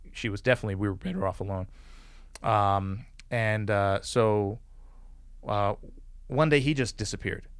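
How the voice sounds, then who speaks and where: A man in his forties with a low, smooth, resonant voice, recorded dry and close. He talks as a podcast guest, rambling through stories with lots of "like" fillers and putting on the voices of people he quotes. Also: no echo. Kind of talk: casual storytelling interview.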